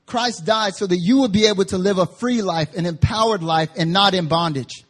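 A man preaching a sermon as pastor, with emphatic slow stresses and playful asides. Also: sits high. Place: church service.

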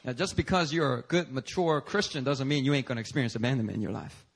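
This Korean pastor is a fast talker with a mid-range voice that's creaky with a breathy edge. His sermon is lively and conversational, alternating loud emphatic lines with soft asides, and he sometimes laughs through personal stories.

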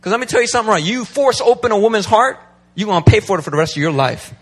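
A man's voice: high voice, rapid-fire. A man who is a pastor, talking casually and animatedly, acting out what people say. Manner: animated, acts out quotes. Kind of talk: casual talk.

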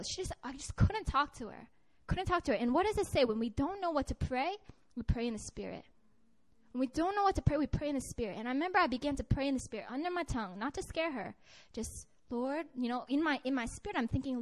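A woman with a high voice preaches to a gathering in a casual, heartfelt way. She tells a personal story and often stops and restarts her sentences. Her tone stays earnest throughout. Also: lively intonation, brisk. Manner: conversational and earnest, many restarts and fillers. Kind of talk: sermon with personal testimony.

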